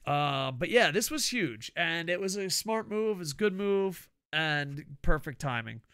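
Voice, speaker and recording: A man's voice: on the high side, expressive, a little slow, bright, forceful tone, clean tone, no room sound, studio quality. A middle-aged man, hosting a casual wrestling review and rambling through profane, laughing stories. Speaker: podcast host.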